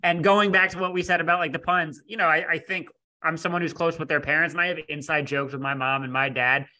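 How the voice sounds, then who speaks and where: A man with a higher, bright voice joins a casual podcast as a guest. He sounds earnest and curious and keeps asking questions. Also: steady tone, fast. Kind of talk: casual chat.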